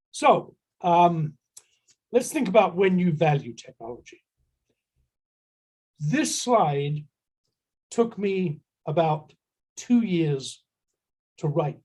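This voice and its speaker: A middle-aged man leads a conference workshop, telling an anecdote with dry humor. His voice sits a little high for a man and sounds mellow and relaxed. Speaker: workshop presenter.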